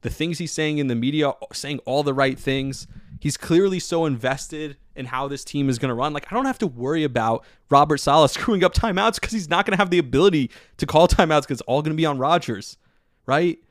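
A man hosting a solo sports podcast, talking in an excitable, rambling way with lots of filler words. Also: fairly high pitch, fairly quick, dry recording, studio quality. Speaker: podcast host.

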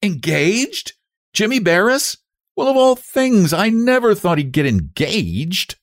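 A man's voice: a little high, wildly swooping pitch, normal speed, darkish tone, dry recording, clean studio sound, voice pushed up. A man voicing a bold, blunt young woman who talks brashly, in a storybook reading. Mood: eager.

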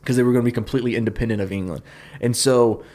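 A man co-hosting a comedy podcast, retelling a historical story in a loose, joking way with lots of fillers. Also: medium pitch. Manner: fast, animated retelling with fillers and laughs. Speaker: podcast co-host pitching a story.

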